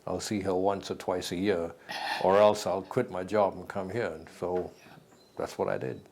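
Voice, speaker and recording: Older man with a very low voice, matter-of-fact and dry. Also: steady tone, moderate pace, creaky, darkish tone. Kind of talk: personal storytelling.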